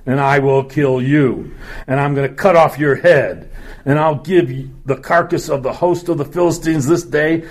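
A man's voice: fairly high pitch, a little mellow. A man voicing a confident young shepherd warrior, declaiming boldly. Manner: bold, declaiming.

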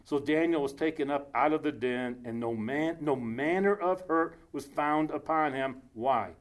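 A man preaching a casual sermon, reading scripture aloud slowly and breaking off into joking asides. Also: on the high side.

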